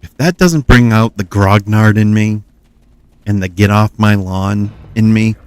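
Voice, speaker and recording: A man's voice: lowish voice, a little slow, darkish tone, clean tone. A man from the Midwest, chatting playfully while streaming a game and joking with his viewers. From Cincinnati, US Midwest. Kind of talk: casual gaming commentary.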